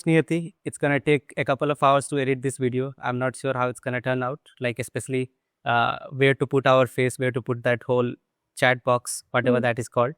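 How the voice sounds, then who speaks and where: Man, Indian English accent, smooth clear voice, dry close sound, relaxed host. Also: mid-range voice, no echo. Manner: relaxed, agreeable, many short backchannels. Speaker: channel host. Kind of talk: casual conversation.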